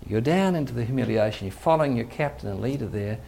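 Gravelly-voiced male pastor preaching. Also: medium pitch, quick pace, a little hiss or hum. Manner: conversational, animated, acts out quoted voices. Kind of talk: sermon.

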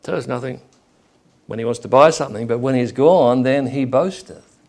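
A man's voice: mid-range voice, normal speed, darkish tone. A man preaching a sermon in a conversational way, acting out the people he quotes.

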